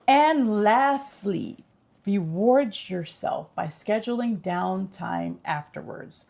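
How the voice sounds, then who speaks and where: A woman's voice: mid-range voice, animated, slow pace, gravelly, darkish tone. A woman vlogger giving casual tips in an upbeat, chatty, instructive way.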